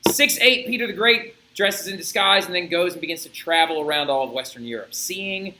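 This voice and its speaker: A man teaching a history lesson, telling it as an animated story and checking in with "right?". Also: a little high, fairly quick, echoey room, noisy background. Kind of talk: classroom history lecture.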